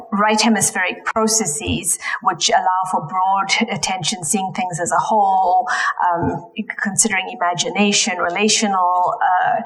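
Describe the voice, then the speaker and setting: A woman's voice: lowish voice, rough recording. A woman giving a lecture in a church, speaking with frequent ums and self-corrections. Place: church hall.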